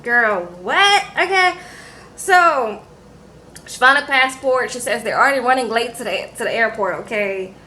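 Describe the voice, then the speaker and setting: A woman casually recapping a reality show, animated and sassy, acting out quotes with asides to her viewers. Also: on the high side, moderate pace, a little hiss or hum, rough recording.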